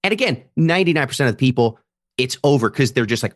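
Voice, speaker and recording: A man's voice: mid-range voice, fast talker, no room sound, clean studio sound. A man, a comedian guest on a podcast, telling stories in casual chat and acting out other people's lines as he goes. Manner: animated, acts out audience members' voices in quotes.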